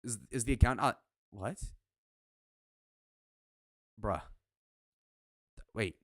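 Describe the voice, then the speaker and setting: A young man in his twenties reacting to clips of himself in a loose, profane way, quick to flare up with disbelief. His voice sits on the low side. It sounds dry, with hardly any room around it. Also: no echo. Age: 20s. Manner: blunt, profane and excitable. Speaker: streamer reviewing his own speed date. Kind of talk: casual reaction commentary.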